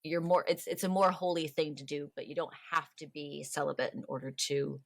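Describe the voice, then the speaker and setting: Low-voiced woman telling history, chatty. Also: brisk, vocal fry, dry recording. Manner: chatty, animated storytelling with playful voiced quotes. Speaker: podcast host. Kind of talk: casual history podcast chat.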